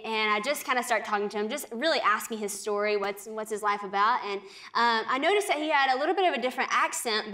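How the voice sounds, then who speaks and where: Young adult woman, TV interview guest, earnest and animated storyteller, bright higher register. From United States. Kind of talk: faith testimony in a TV interview.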